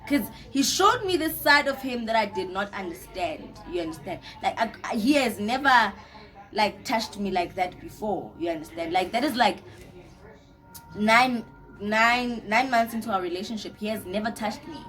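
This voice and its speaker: A young woman, telling a personal story to camera in a casual, animated way, often repeating herself. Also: medium pitch, moderate pace, faint music behind. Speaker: storytime vlogger.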